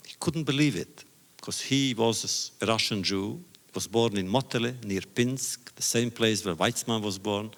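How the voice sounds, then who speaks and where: Older male lecturer, gravelly, deliberate storyteller, echoing hall. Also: fairly low pitch. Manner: measured, deliberate phrasing with pauses. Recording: reverberant hall recording. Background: audience laughter.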